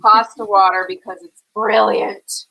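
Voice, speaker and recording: A woman co-hosting a casual cooking show from her home kitchen over a video call, chatty and quick to giggle as she narrates each step. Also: mid-range voice, level tone, vocal fry, noisy background. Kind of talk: casual chat while cooking.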